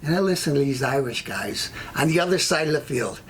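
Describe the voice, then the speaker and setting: A man's voice: fairly high pitch, animated, a little fast, hardly any pauses, a little hiss or hum. An American man hosting his own show, telling a long blunt story and going off on tangents. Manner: rambling, blunt, goes off on tangents. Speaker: show host. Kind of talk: opinionated monologue.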